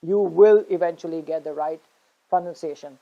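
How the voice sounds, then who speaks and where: A woman's voice: lowish voice, normal speed, mellow, highs cut off. A woman teaching an online English pronunciation lesson. She explains patiently and often checks in with "okay?".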